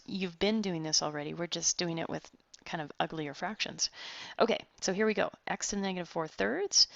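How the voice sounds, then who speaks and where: Lowish woman tutor voice, walks students thru steps, kinda muffled recording. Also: creaky, pushed and bright, no room sound. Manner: talks students through steps, encouraging. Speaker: math tutor. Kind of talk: online math lesson. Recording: dull, dry close recording.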